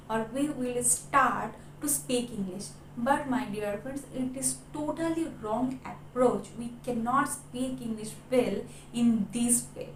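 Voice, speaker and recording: A woman's voice: a little high, a little mellow. A woman from India with an Indian accent, giving an earnest motivational English lesson and often adding "okay" and "my dear friends". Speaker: English-speaking coach. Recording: echoey room with faint ambience.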